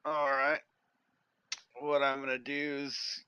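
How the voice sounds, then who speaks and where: Gravelly playful man on a muffled mic. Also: medium pitch, expressive, normal speed, bright, forceful tone, dry recording. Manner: playful, chatty, explaining rules. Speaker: player, cleric. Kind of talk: playing a tabletop game over voice chat.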